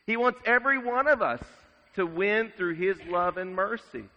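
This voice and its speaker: A man preaching a sermon in a measured way, dropping his voice to a hush at solemn moments. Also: high voice, lively intonation, slight background noise. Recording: dull sound with long reverb in a large hall.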